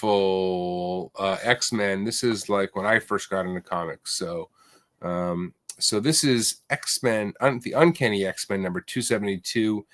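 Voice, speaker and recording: A man with a lowish voice chats casually about comic book prices, relaxed and hesitant, with plenty of "um"s. The sound is dry and close, with no room echo. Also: unhurried. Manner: relaxed, hesitant, many fillers. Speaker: co-host.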